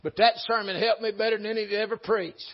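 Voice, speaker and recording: Emphatic preacher with a husky voice. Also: male voice, high-pitched, steady tone, fast, lo-fi sound. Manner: folksy, emphatic preaching with sudden rises and drops. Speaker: pastor. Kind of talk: sermon.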